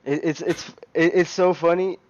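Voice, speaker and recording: On a racing game live stream, a man chats casually and rambles, full of fillers and restarts, laughing often. His voice is a little high and darkish, with a steady tone at normal speed. The sound is lo-fi.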